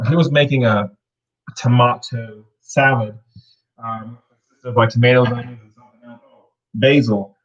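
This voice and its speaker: In a home cooking video, a man with a medium-pitched voice walks viewers through each step, relaxed and rambling, with playful wordplay. The recording sounds muffled.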